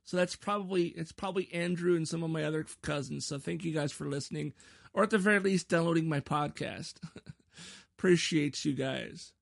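A man hosts his own podcast alone, chatting casually in a rambling, self-deprecating way and tripping over his words. His voice sits a little high and carries a gravelly rasp. The sound is dry and close, with no room around it. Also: fast talker, no room sound. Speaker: podcast host. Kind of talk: casual solo podcast chat.

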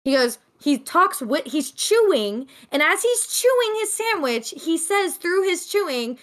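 A woman's voice: very high voice, big pitch swings, a little slow, hardly any pauses. A young woman co-hosting a podcast, animatedly retelling a cafe encounter with quoted dialogue. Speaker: podcast co-host. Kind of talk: casual storytelling.

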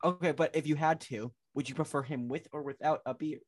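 A man's voice: fairly high pitch, steady tone, brisk. A man hosting a podcast in casual chat, giggly and playful, often restarting his sentences. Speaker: podcast host.

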